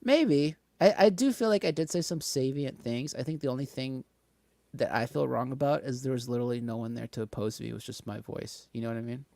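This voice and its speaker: A man co-hosting a casual podcast chat, joking and laughing often in quick bursts. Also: medium pitch, vocal fry, dark tone, no echo. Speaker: podcast co-host.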